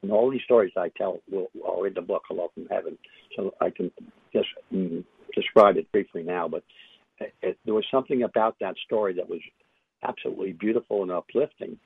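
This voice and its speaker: Deep, gravelly older man over a tinny phone line. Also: dry recording. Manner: reflective, halting with many fillers and restarts. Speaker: interview guest, author. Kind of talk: casual storytelling interview.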